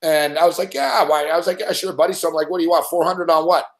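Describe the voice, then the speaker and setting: A middle-aged man spins a rambling story in casual chat, swearing every few words. His voice sits a little high for a man. The room around him rings with a noticeable echo. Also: quick pace. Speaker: sports betting show regular. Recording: roomy echo.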